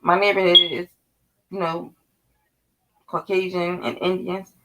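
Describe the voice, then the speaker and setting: A woman in her thirties from North Philadelphia with a Philly accent, telling a story to her viewers in a casual, animated, profane way. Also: fairly low pitch, unhurried, heavy background noise. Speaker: vlogger.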